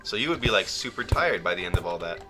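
A young man rambling and joking through casual gameplay commentary, with sudden loud outbursts. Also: low voice, lively intonation, fast, soft background music. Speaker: gaming YouTuber.

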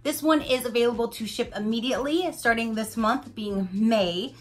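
A woman with a voice on the high side, talking at normal speed, gushes through an unboxing. The vlogger keeps her casual product review chatty and speaks to her viewers directly, dropping "like" and "you guys" again and again.

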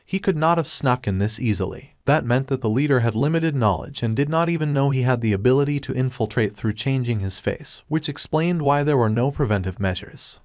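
A man reading a scripted story recap in an even, steady way. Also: medium pitch, dry recording, studio quality. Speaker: recap narrator.

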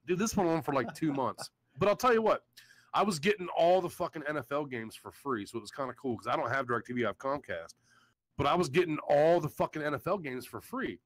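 A man's voice: medium pitch, animated, fast talker, fairly bright tone, dry recording, low-quality recording. A man hosting a casual livestream chat, telling stories in a profane, ranting way. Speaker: show host.

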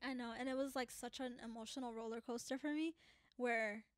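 A woman's voice: a little high, steady tone, brisk, clean tone, no echo. A young woman from the United States telling a faith story in casual chat, laughing often and filling her speech with "like". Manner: chatty, laughing, lots of "like". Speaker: guest sharing testimony.

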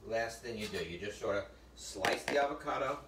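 A man's voice: on the low side, expressive, brisk. A man hosting a live cooking demo as a chef, chatty and joking, often calling his viewers folks while he works. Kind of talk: live cooking demonstration with storytelling. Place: kitchen or library demo room. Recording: roomy, distant mic with faint noise.

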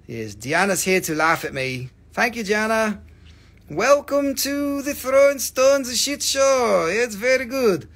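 This man speaks slowly in a high, expressive, slightly bright voice while hosting a live crystal sale. He jokes with and teases viewers, swears freely, and acts out mock despair over his own discounts in playful sales chat.

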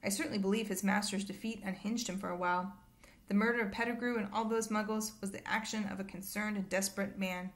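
A woman's voice: mid-range voice, fairly even intonation, quick pace, natural voice. Lady reading as a fussy pompous minister man, kinda shaken and dodgy, storybook read-aloud. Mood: solemn. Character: flustered middle-aged male government minister.

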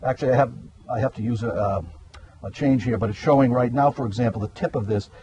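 This meteorologist guest talks fast in a mellow, husky, medium-pitched voice, and the sound is lo-fi. Chatting casually outdoors in a garden, he explains things in a rambling, hesitant way full of "uhs."

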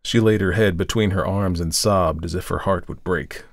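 A man narrating a short story in a measured, dramatic storytelling manner. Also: low-pitched, creaky, no echo, studio quality. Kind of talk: scripted audiobook narration.

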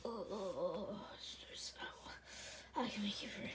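A woman's voice: a little high, expressive, measured pace, background noise. A woman voicing a boastful male plush plumber toy who whispers his lines.

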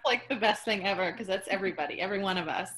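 A woman's voice: mid-range voice, racing, a bit bright, poor audio. A woman co-host reacting to the guest's story with laughter and enthusiasm.

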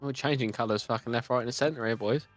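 A man's voice: mid-range voice, fairly quick, faint music behind. A man joking and swearing cheekily with friends over voice chat. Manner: cheeky, swearing, ends lines with mate. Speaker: gamer. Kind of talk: casual banter over voice chat.

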